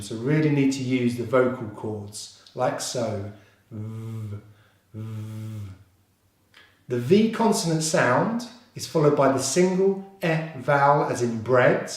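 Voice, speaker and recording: A man with a British accent leads a pronunciation lesson, saying each syllable deliberately and repeating it for his learners. He talks at an unhurried pace and keeps cheering them on. His voice rings through a very echoey room. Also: mid-range voice, a little mellow. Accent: British English. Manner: encouraging. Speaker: English pronunciation teacher.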